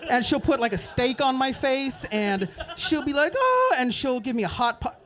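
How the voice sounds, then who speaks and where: A young man doing a stand-up set at an open mic night, telling a rambling story and dropping into quick voices for the people in it. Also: very high-pitched, a bit bright. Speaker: stand-up comedian. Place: open mic comedy club.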